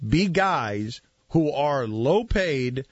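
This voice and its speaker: A man in his forties hosting a sports talk radio show, animated and needling. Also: a little high, very slow, no echo, dull audio. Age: 40s. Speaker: radio host.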